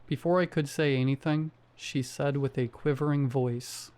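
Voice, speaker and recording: A man reading a first-person horror story aloud in a steady storytelling manner. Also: medium pitch, moderate pace, few pauses, smooth. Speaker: story narrator. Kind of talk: scripted horror narration.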